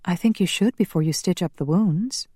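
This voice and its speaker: A woman's voice: fairly low pitch, moderate pace, mellow, slightly rough, dry recording, clean studio sound, voice pushed up. A woman voicing a distressed young woman doctor, speaking with urgent worry. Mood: worried. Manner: urgent, worried.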